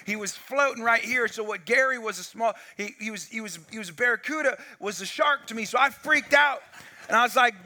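A man's voice: very high-pitched, a little fast. A man preaching a sermon, telling a story with lots of acted-out dialogue, on a wireless mic. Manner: animated storytelling, acts out dialogue. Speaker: pastor.

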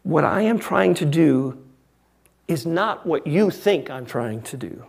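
A preacher voicing a calm, patient deity who speaks gently to a man during a sermon. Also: fairly high pitch, slow, vocal fry, slightly rough, exaggerated voice. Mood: gentle.

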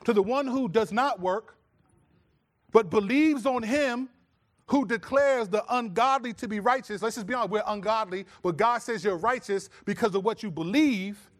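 A man's voice: high-pitched, moderate pace. A middle-aged man preaching a sermon as pastor, telling stories and acting out his own voice as a dad. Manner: animated storytelling, acts out his own scolding voice.

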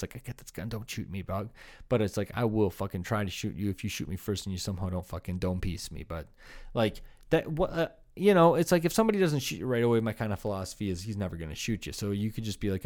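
A young adult man hosts a solo comedy podcast, rambling and swearing through absurd hypotheticals and slipping into voices of made-up people. His voice is on the low side, expressive and fast.

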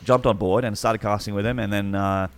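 A low-voiced Australian man in his thirties tells a long story in a relaxed podcast conversation. His voice has a gravelly fry, and he keeps restarting and trailing through his sentences. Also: a little fast. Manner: rambling, full of restarts and fillers. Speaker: esports commentator.

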